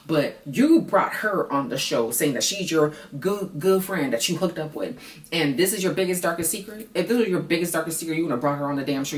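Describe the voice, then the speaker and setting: A woman giving a blunt, profane, sassy casual recap of a reality show from her apartment. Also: deep voice. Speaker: reality TV reviewer. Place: apartment at night, noisy renovations upstairs. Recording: echoey room, mic at a distance.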